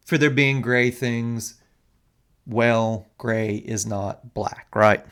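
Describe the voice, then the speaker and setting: A philosophy lecturer giving an animated recorded lecture, explaining step by step and often checking in with "right?". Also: mid-range voice, slow.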